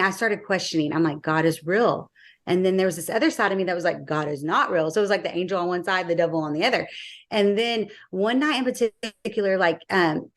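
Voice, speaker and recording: A woman sharing her personal faith testimony in a casual interview, acting out the dialogue she recalls and using frequent fillers. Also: mid-range voice.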